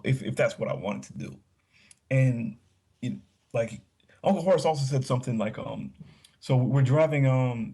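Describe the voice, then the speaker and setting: Man guest with a gravelly, husky voice; rambles through casual stories with restarts. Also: mid-range voice, a little mellow. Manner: rambling, many restarts and fillers. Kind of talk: casual storytelling chat.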